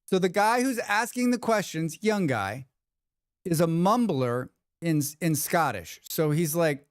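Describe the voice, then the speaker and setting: A man's voice: fairly high pitch, expressive, measured pace, smooth, no room sound, studio quality. A man hosting a livestream, chatting casually with viewers in a rambling, joking way with lots of restarts. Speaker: livestream host. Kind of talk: casual chat reading viewer comments.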